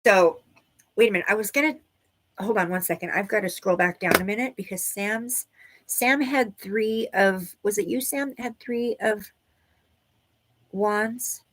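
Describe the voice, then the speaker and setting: A woman with a medium-pitched, slightly bright voice speaks at an unhurried pace. She's running a live online tarot class and doing intuitive readings for viewers, talking loosely, hunting for words, and tossing in "right?" often.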